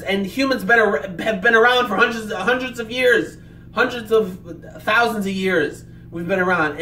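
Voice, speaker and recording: A high-voiced man rambles through his emotional anime reaction, restarting sentences and leaning on fillers. He sits back from the mic in an echoey room with a faint hiss behind him. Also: a bit bright, far from the mic. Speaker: anime reviewer. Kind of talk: casual reaction commentary. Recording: roomy echo, off-mic, faint noise.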